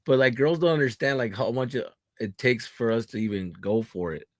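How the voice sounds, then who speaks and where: Male comic guest, lively cussing storyteller, dry close sound. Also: mid-range voice, a little fast, dry recording. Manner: animated, profane storyteller with many fillers. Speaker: comedian guest. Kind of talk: casual interview chat.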